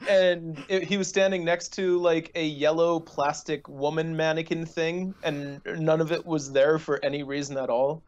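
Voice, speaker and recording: A man's voice: on the high side, level tone, normal speed, few pauses, muffled recording. A young man co-hosting a podcast, telling stories in a laid-back, casual way with ums and uhs. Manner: laid-back storytelling with fillers. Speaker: podcast co-host. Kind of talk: casual chat.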